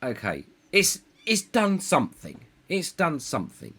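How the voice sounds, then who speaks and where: A man's voice: fairly high pitch, wildly swooping pitch, unhurried, fairly bright tone, husky. A man streaming a city-building game, thinking aloud in a rambling, self-deprecating way. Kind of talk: live gameplay commentary.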